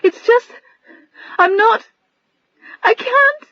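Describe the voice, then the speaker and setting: A woman's voice: sits high, moderate pace, dry recording, dull audio, voice pushed up. A woman narrator voicing a tearful, overwhelmed young woman whose voice trembles and breaks. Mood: sobbing.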